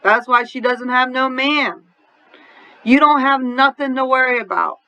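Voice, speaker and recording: A woman's voice: sits high, steady tone, unhurried, bright, forceful tone, rough recording. A woman with a New Orleans accent teaching an adult English class, explaining grammar patiently and often checking in with "right?". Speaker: ESL teacher.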